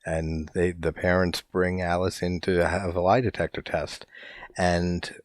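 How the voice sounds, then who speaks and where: Deep-voiced man rambling about a film. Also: level tone, a little slow, no room sound. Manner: loose, rambling, heavy use of "like", casual swearing. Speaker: podcast host. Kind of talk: casual film review monologue.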